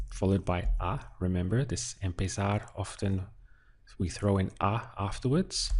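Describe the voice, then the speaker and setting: A man walks through a translation in an unhurried, methodical way, pausing to think aloud. His voice sits low and a little husky. Soft keyboard clicks and typing can be heard behind him. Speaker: Spanish teacher. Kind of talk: unhurried lesson walkthrough while writing.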